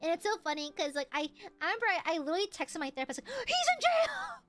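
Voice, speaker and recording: A woman's voice: sits high, racing, a bit bright, faint music behind. A young woman streamer chatting casually into her mic, giggling often and swearing freely. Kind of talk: casual chat.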